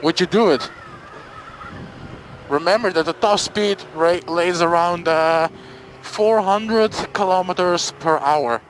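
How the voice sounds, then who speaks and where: A man from Belgium asks his interview questions in a slow, relaxed, slangy way. His voice sits high, and faint traffic hums behind him. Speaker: motovlogger interviewing a guest. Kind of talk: casual interview.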